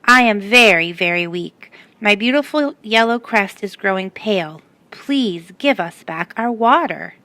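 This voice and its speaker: A woman voicing a proud, weak cockatoo who squawks loudly about his fading crest in a storybook reading. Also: mid-range voice, lively intonation, measured pace, few pauses, no room sound. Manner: loud, vain.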